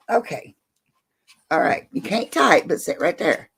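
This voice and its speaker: Slow, gravelly older woman chatting. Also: lowish voice, big pitch swings. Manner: chatty, rambling, reads out viewer comments; talks to her dog in between. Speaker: livestream host. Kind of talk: late-night casual livestream chat.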